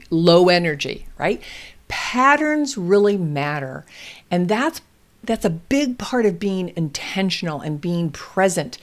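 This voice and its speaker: A woman hosting a parenting show, explaining calmly and gently with example phrases for toddlers. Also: fairly low pitch. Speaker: parenting podcast host. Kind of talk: calm instructional advice talk.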